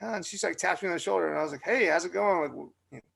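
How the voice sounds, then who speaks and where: Racing along in a high, somewhat bright voice with vocal fry, a young adult podcast co-host tells a long, chatty story full of fillers. The recording is slightly rough.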